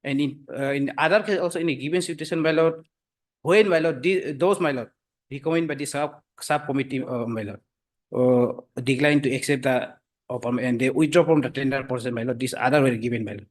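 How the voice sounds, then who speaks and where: A man arguing before a judge in a courtroom, halting with many fillers and addressing the bench as "my lord" again and again. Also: medium pitch. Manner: hesitant, full of fillers, repeats "my lord" constantly. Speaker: advocate for the government. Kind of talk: courtroom argument.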